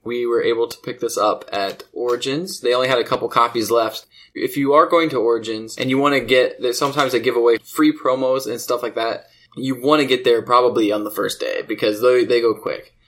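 A man hosting a casual podcast, talking at an ordinary middle pitch. He tells stories in a loose, chatty way and laughs easily along the way. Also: steady tone, a little fast, a bit bright. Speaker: podcast host. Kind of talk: casual chat about board games.

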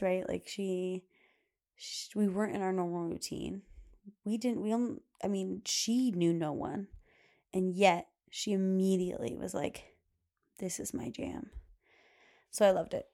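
A woman's voice: medium pitch, gravelly, mellow. A young adult woman hosting a podcast, talking casually and chattily with lots of fillers and frequent laughs. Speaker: podcast host. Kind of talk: casual solo podcast talk.

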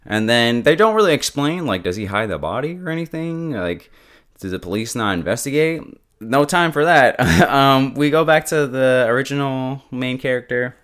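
A man casually recapping a TV episode beat by beat, chatty and quick to joke and laugh. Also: medium pitch, lively intonation, a bit bright. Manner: chatty, laughs often, quips. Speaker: show reviewer.

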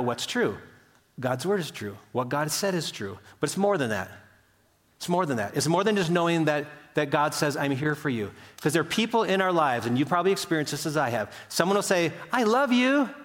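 An older man delivers a sermon in a warm, conversational storytelling way, his voice sitting a little high for a man. He acts out quotes with sudden jumps up or down in pitch. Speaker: pastor.

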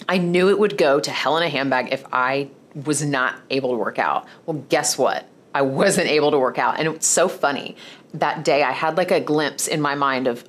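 Low-voiced woman swearing freely. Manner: candid, blunt and profane, with frequent restarts. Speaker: podcast host. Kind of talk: casual solo podcast monologue.

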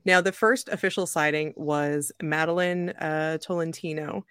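A young adult woman hosting a podcast, telling a story in a lively, joking way and laughing often. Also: sits low, measured pace, clean tone, dry recording, studio quality. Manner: animated, jokey, laughs often. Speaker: podcast host. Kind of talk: casual storytelling chat.

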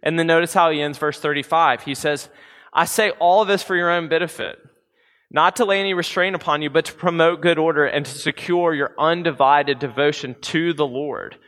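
Young male preacher, chatty and informal, bright forceful tone, reverberant hall. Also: on the high side, brisk. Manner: casual, conversational preaching with slang and fillers. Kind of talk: sermon.

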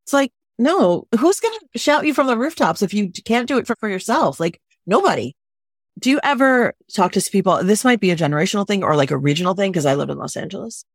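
A woman's voice: medium pitch, quick pace, no room sound, studio quality. A woman wedding planner talking emphatically in a casual podcast interview, often acting out little quotes. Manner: emphatic, animated, acts out quotes. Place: lives in Los Angeles.

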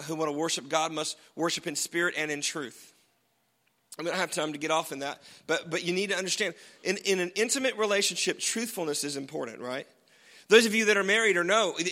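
Male pastor, conversational sermon, bright edge, fairly high voice, joking asides. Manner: conversational, humorous, frequent tag questions.

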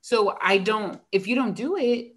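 A woman's voice: mid-range voice, unhurried. A woman who teaches elementary school, chatting casually and animatedly, acting out exchanges with her students and using lots of fillers. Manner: frequent fillers like "like". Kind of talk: casual chat.

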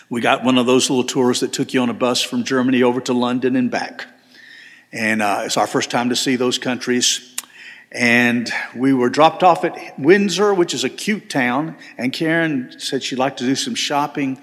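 A man's voice: medium pitch, a bit bright. A middle-aged man, preaching a sermon as pastor, earnest and emphatic with frequent restarts. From Southern United States. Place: large church sanctuary. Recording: long church hall reverb.

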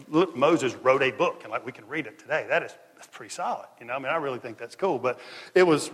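A male preacher delivers a lively sermon, slipping into voices and casual slang to act out the story. His voice sits a bit high for a man and rings with long reverb from a large hall. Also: husky. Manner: animated storytelling, acting out dialogue in casual slang. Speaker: pastor.

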